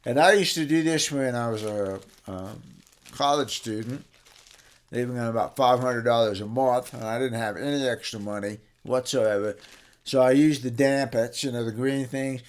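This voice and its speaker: A man's voice: medium pitch, normal speed. Folksy chatty man teaching guitar care. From New Mexico, US. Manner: folksy, chatty, self-correcting. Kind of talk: casual how-to demonstration. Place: guitar workshop.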